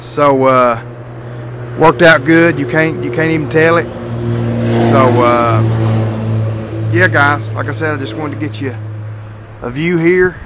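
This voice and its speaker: A man's voice: a little high, measured pace, pauses often, noisy background. A young man casually showing off his repainted car outdoors, rambling with fillers and restarts. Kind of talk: casual walkaround vlog.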